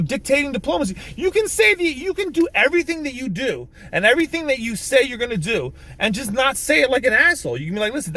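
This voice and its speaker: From a vehicle, a man vlogs a casual rant about politics straight to camera, stumbling into restarts, cursing, and bursting out forcefully. His pitch is extremely high, and his tone is a little bright.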